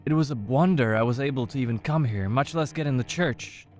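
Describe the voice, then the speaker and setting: A man voicing a lost, agitated stranger in a horror story who speaks loudly and urgently. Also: mid-range voice, fairly quick, faint music behind, pitched above the performer's own voice, close to an everyday voice. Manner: loud and urgent. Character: lost young man, agitated and pressing for answers.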